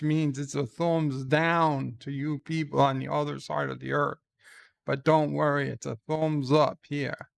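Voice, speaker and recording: Slow, gravelly middle-aged streamer. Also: male voice, a little high, little pitch movement, no room sound. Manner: wry, rambling, stammers on restarts. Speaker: livestream host. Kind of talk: casual stream chat, reading viewer letters.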